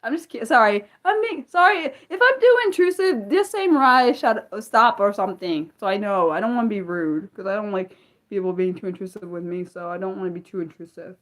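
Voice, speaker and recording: A young American woman hosting a casual livestream, excitable and apologetic, talking back to her chat with many restarts. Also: medium pitch, a little fast. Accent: American, Maryland. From United States. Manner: excitable, apologetic, lots of restarts and self-corrections. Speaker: livestream host.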